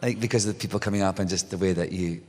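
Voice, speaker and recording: A middle-aged man talks loosely and animatedly on stage, starting over and laughing as he goes. His voice sits a little low. The sound carries a long hall reverb. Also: very fast. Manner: animated storyteller, restarts, laughs often. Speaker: guest author. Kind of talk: casual onstage conversation. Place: stage before a live audience.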